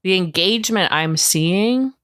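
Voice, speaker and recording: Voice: medium pitch, lively intonation, a little slow, fairly bright tone, smooth, no echo, studio quality. A co-host of a reality show recap podcast, chatting casually with plenty of "like" fillers.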